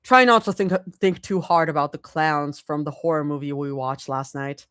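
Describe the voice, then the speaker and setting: Brief: low, deadpan young woman, as a woman reader puts her on, dry delivery. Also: moderate pace, smooth, no room sound. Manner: flat, blunt. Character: flat, dry-humored young woman driver.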